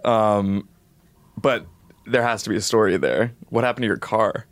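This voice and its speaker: A man's voice: lowish voice, normal speed, dry recording, lightly acted. Man playing an awkward earnest coworker. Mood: probing. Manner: hesitant, blunt concern. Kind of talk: improvised comedy sketch.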